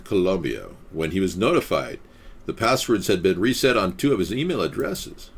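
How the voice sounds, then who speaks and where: A man's voice: deep voice, husky. A young man hosting a live stream, loosely chatting with many fillers and reading an article aloud.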